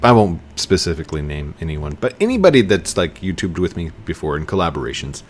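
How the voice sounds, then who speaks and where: Talking fast in a low voice, this young man does excitable let's-play commentary for his gaming YouTube channel. He shouts at other players, apologizes afterward, and laughs frequently, over slight background noise.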